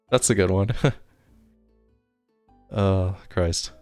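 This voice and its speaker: Low, smooth-voiced German man chatting. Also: drawn-out words, darkish tone, no echo, soft background music. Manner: rambling and self-deprecating, with frequent chuckles. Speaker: streamer. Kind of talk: casual live-stream chat, reading viewer comments aloud. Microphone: desk microphone.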